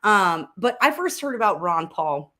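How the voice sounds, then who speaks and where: A woman's voice: medium pitch, sing-song, unhurried, pushed and bright. A woman hosting a casual political chat at home, upbeat and chatty with frequent fillers. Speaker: podcast host and congressional candidate. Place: room in a house under renovation.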